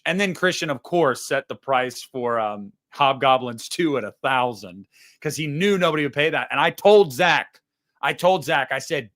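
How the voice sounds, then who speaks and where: A man's voice: medium pitch, sing-song, normal speed, fairly bright tone. A man hosting a casual livestream, chatting with viewers in a loose, profane, rambling way. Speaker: livestream host.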